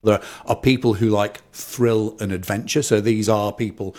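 Guy explaining stuff like an expert, lowish voice. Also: fairly even intonation, moderate pace, a little mellow. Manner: clear, explanatory. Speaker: expert interviewee. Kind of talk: explanatory interview.

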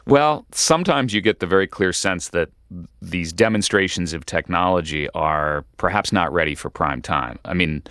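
Brief: very low-voiced male journalist, measured explainer, dry studio sound. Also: a bit bright, no echo. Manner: measured, explanatory, with occasional restarts. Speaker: journalist, interview guest. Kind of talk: radio interview.

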